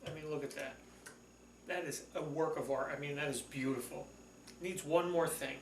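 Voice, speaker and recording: A man's voice: fairly high pitch, little pitch movement, brisk, slight background noise. Chatty man demoing a recipe in an echoey kitchen. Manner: chatty, folksy, enthusiastic about food. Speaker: cooking show host. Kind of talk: casual cooking demonstration.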